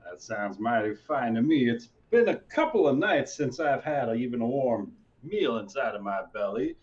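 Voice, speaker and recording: A man's voice: moderate pace, natural voice. A man voicing a wandering frontier stranger who talks with polite, old-fashioned formality. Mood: courteous. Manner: polite, old-fashioned phrasing, lively pitch. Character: drifting male stranger, courteous and formal. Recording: dull lo-fi mic.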